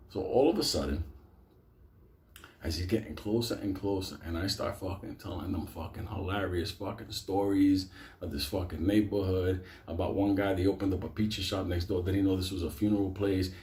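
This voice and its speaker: This man's voice is deep and moves a little fast as he tells an outrageous story from his own life. His delivery is loose and rambling, packed with profanity and frequent bursts of laughter.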